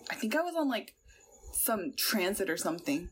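A woman's voice: mid-range voice, normal speed, slight background noise. A woman co-hosting a podcast in casual chat, telling stories and acting out what people said. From Southern California. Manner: animated storyteller, acts out quotes. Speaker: podcast co-host.

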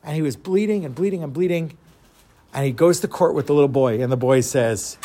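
A man telling a traditional tale in an animated way, pausing for explanatory asides. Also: medium pitch. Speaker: storyteller.

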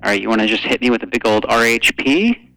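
A man's voice: fairly low pitch, fast, creaky, bright, forceful tone, no room sound, rough recording. A man co-hosting a comedy bit, who keeps tossing out short, dry, playful questions. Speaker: co-host, sound engineer. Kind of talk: casual comedic banter.

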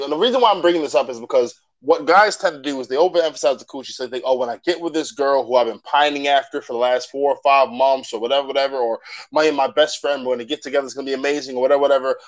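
A man's voice: medium pitch, quick pace, poor audio. A young man co-hosting a podcast, chatting casually, joking, swearing freely and laughing often. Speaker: podcast co-host. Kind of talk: casual chat.

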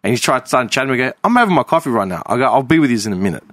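Australian man, lively storyteller, dry close sound, casual banter. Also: mid-range voice, rapid-fire, no echo. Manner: storytelling, swears freely. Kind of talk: casual chat.

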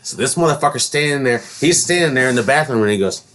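A man's voice: mid-range voice, fast talker, few pauses. Profane man telling a gross story. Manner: profane, animated storytelling with sudden loud outbursts. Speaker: podcast co-host, caregiver. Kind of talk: crude casual storytelling.

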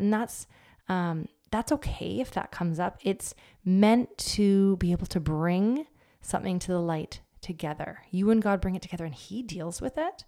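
A woman's voice: lowish voice, normal speed, mellow. A woman in her thirties giving a casual devotional talk, speaking conversationally with fillers and acting out little quotes. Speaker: Christian speaker.

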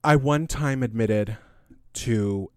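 A man's voice: medium pitch, takes it slowly, a little mellow, clean tone, no room sound, clean studio sound. A man co-hosting a podcast, chatting in a playful, goofy way. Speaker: podcast co-host. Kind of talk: casual chat.

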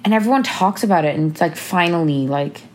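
A young woman with a slightly low voice, talking in a bubbly, chatty way. She recaps her year in casual conversation with a friend, words tumbling out with plenty of "like". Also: animated, a little fast, darkish tone. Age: young adult.

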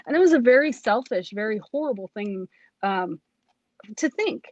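A woman's voice: on the high side, animated, normal speed, no room sound. Woman, earnest personal testimony, emotional storytelling, frequent restarts, dry slightly muffled recording. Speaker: police academy cadet telling her story.

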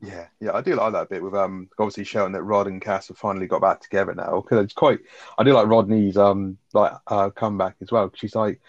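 Fast-talking guy, lo-fi sound. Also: lowish voice, steady tone, no echo. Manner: fast, rambling, full of fillers and swearing. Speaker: podcast co-host. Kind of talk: casual chat reviewing a sitcom episode.

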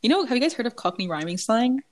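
A woman's voice: a little high, big pitch swings, fast. A woman co-hosting a podcast over a video call, rambling casually with lots of "like" and the odd swear. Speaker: podcast co-host. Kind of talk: casual chat.

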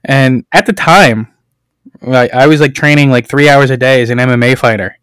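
A man's voice: medium pitch, moderate pace, a bit bright, smooth, no echo. A man chatting casually, telling stories in a loose, profane, filler-heavy way. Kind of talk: casual chat.

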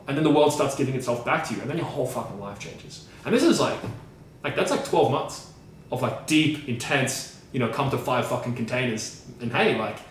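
Sitting back from the mic in a very reverberant room with faint noise underneath, a medium-pitched man talks in a casual podcast discussion. This co-host and coach is emphatic and profane, piling up repeated phrases to drive his point home.

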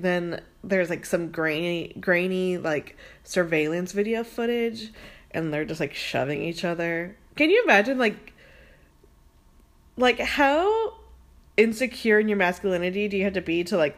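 Casting note: young woman, casual podcast host, rapid filler-heavy chat, swears freely. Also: on the low side. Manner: fast, chatty, says "like" a lot, swears freely.

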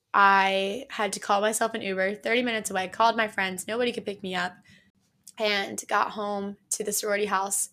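A young woman tells her testimony in an earnest, halting way. She restarts sentences often. Her voice has a gravelly fry and stays flat in pitch. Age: young adult. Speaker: podcast guest. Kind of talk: personal testimony.

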